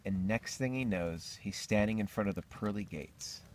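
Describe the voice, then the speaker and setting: A man telling a campfire story in an animated, joking manner. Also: fairly low pitch, normal speed, slight background noise.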